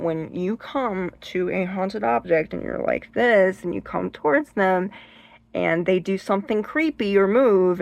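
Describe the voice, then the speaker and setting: A woman's voice: medium pitch, creaky, dry recording. A woman hosting her own channel, giving casual advice in a chatty, rambling way, full of restarts and acted-out shrieks. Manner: emphatic, acts out shrieks and gestures. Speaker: channel host giving advice on haunted objects.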